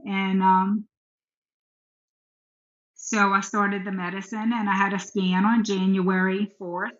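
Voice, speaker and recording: A woman's voice: mid-range voice, level tone, slow, a bit bright. A middle-aged woman, a podcast guest, telling a personal story earnestly and frankly about her faith. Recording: echoey room, dull sound.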